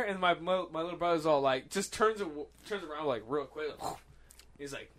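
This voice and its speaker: A young man with a slightly high voice tells a rowdy party story on a podcast. He is animated and swears a lot, and he acts out each person's lines as he goes. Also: brisk. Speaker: podcast host. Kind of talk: casual chat.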